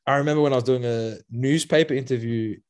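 Male guest, mid-pitched, lively storyteller who swears and laughs a lot. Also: fast. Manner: animated, swears, laughs often, acts out quoted voices. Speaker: guest, youth program founder. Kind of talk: casual interview storytelling.

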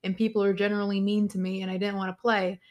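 A young adult woman telling a story as a podcast guest, animated, laughing often and swearing a lot. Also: mid-range voice, fast, dull audio. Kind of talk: casual storytelling.

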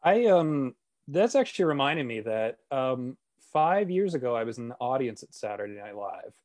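Guy cohosting a podcast, jokey banter, dry close sound, average pitch. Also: big pitch swings, moderate pace, a little mellow, dry recording. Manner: joking, playful banter. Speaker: podcast co-host. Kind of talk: casual chat.

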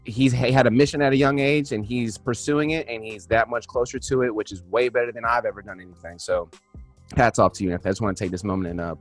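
A man's voice: medium pitch, fairly even intonation, fast, soft background music. A man co-hosting a casual podcast, loose and chatty, often tagging his sentences with "man". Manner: laid-back, drops "man" and "you know what I'm saying" often. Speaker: podcast co-host. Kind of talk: casual chat.

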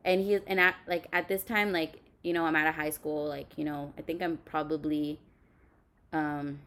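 Blunt, swearing young woman, lowish voice. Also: flat delivery, normal speed, fairly bright tone. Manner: blunt, heavy swearing, many fillers. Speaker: podcast host. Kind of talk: candid storytelling chat.

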